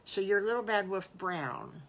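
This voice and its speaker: An older woman voicing a calm, fatherly farmer who speaks patiently. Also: medium pitch, unhurried.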